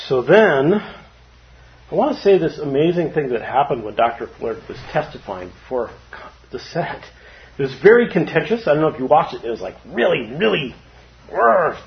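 A man giving a casual, informal dharma talk to a group, chatty and quick to laugh. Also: a little high, sing-song. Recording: dull lo-fi recording.

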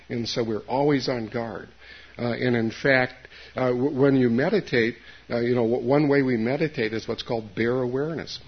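Older guy, zen teacher doing a dharma talk, husky voice, lots of uh's and restarts, folksy asides. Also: medium pitch. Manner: halting, with many fillers and restarts. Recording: dull lo-fi recording.

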